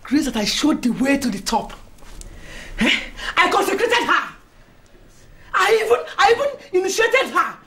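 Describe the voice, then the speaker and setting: An enraged high-voiced society queen. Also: sing-song, moderate pace, long pauses. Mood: furious. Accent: Nigerian. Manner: shouting, indignant, theatrical outbursts. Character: proud domineering society lady, quick to rage. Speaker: actor in a film. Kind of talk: melodramatic film acting. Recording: echoey room with music underneath.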